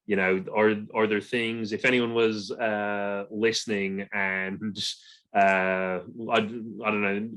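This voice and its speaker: A man's voice: fairly low pitch, flat delivery, slow, fairly bright tone. A man hosting a podcast interview, asking a long, hesitant question and searching for his words. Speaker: podcast host.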